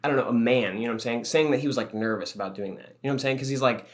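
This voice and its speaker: Talking at a racing clip in a medium-pitched voice, this young adult podcast co-host spins a rambling story during casual chat. He swears and laughs a lot along the way.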